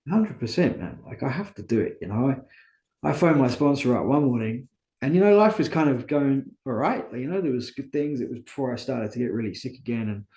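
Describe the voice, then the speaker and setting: A man's voice: mid-range voice, animated, fairly quick, warm tone, reverberant. A man as an interview guest, talking candidly and earnestly about his own life, often asking and answering his own questions. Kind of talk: candid conversational storytelling.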